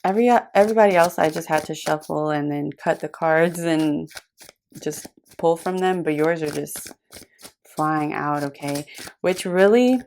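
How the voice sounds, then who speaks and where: A young woman giving a gentle, affectionate tarot reading straight to the viewer, rambling warmly with fillers and calling the listener "my love". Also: low-pitched, moderate pace, a little hiss or hum. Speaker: tarot reader. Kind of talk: intimate tarot reading to camera.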